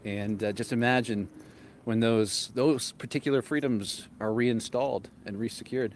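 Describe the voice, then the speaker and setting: A man's voice: mid-range voice, fairly even intonation, moderate pace. A man hosting a walk-and-talk livestream outdoors, holding a handheld mic as he walks. He sounds a little out of breath from walking and keeps his chat casual, reading viewer comments aloud. Faint street noise sits behind his voice. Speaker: livestream host. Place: outdoors on a street in cold weather. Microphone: handheld microphone.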